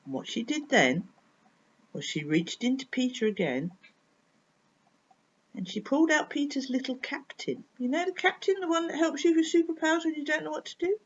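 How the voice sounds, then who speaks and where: A woman tells a children's story with a lively, sing-song voice. She speaks to her listener directly, asking questions along the way. The recording is dull and lo-fi. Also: high-pitched, normal speed. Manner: expressive, addressing the listener with questions. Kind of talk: bedtime story reading for children.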